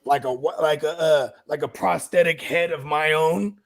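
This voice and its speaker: A man's voice: on the high side, moderate pace, creaky, crowd noise. A man co-hosting a sports podcast, chatting casually and joking around. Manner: joking, animated, puts on voices for bits. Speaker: podcast co-host.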